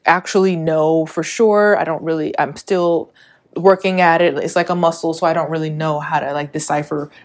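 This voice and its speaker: A woman's voice: low voice, fairly even intonation, normal speed. A young woman hosting her own podcast, talking candidly and a little out of breath, rambling and swearing freely with frequent laughs. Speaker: podcast host. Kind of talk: casual solo podcast monologue.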